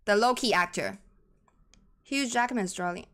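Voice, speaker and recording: A woman with a Taiwanese accent calls a live esports match in English, her second language after Mandarin. Her voice sits at an ordinary middle pitch, and she talks in a chatty, excitable way. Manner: excitable, chatty, quick to laugh and gasp. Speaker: esports caster.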